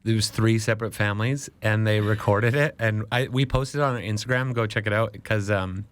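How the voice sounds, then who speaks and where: Laid-back low-voiced male musician. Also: brisk, fairly bright tone. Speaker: musician guest. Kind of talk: casual interview chat. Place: radio studio.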